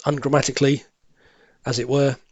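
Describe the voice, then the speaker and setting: A man thinking aloud as he works through cryptic crossword clues, musing and correcting himself, with quiet half-muttered asides. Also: mid-range voice, little pitch movement, fairly quick, no room sound. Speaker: crossword solving tutor.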